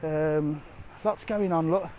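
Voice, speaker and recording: A travel vlogger walks a seaside promenade live, phone in hand, chatting cheekily and rambling as he goes. He speaks slowly in a slightly high, mellow voice.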